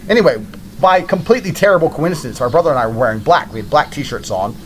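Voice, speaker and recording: A man's voice: a little high, big pitch swings, quick pace, slight background noise. A man telling a story in a blunt, casual way, with heavy swearing.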